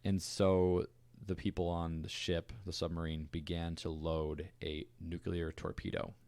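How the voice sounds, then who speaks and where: A man co-hosting a podcast, telling a history story in a relaxed, conversational way with fillers and asides. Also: low-pitched, measured pace, no echo. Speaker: podcast co-host. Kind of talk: casual storytelling chat.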